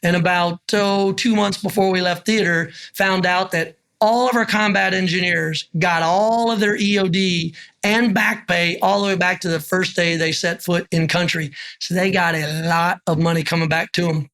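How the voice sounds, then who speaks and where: A man's voice: sits high, fairly even intonation, moderate pace, few pauses, a bit bright, smooth. A middle-aged man, a retired army officer, recalling his service and acting out remembered dialogue as he tells stories. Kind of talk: oral history recollection.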